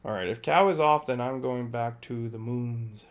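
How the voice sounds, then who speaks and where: A man's voice: medium pitch, normal speed. A young man streaming a game and chatting casually, laid-back and heavy on filler words like "bro". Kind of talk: casual chat while gaming.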